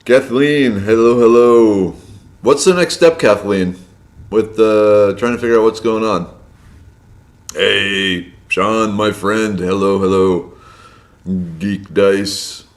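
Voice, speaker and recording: Low-voiced male stream host, a bit hoarse, friendly and chatty, greeting viewers from home. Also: takes it slowly. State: slightly hoarse from a long day of loud speaking. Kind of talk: casual live-stream chat greeting viewers. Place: indoors at his home.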